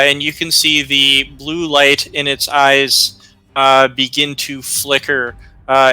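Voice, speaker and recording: A man narrating a tabletop game as game master, slow and hesitant with many fillers. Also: mid-range voice, sharp tone, clear, resonant tone, no room sound, low-quality recording.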